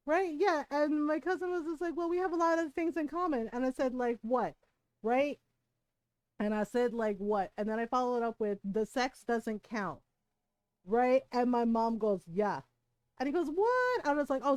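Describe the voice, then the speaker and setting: High-voiced woman telling stories candidly. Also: a little mellow, no room sound. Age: 40s. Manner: candid, laughing, swears freely. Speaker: streamer. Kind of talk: casual storytelling chat.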